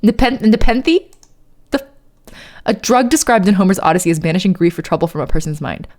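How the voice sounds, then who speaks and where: Woman streamer with a lively, swinging voice. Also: mid-range voice, a little fast. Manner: reads in a put-on British accent, stumbling over words; chats with viewers between verses. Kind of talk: reading a poem aloud on a live stream.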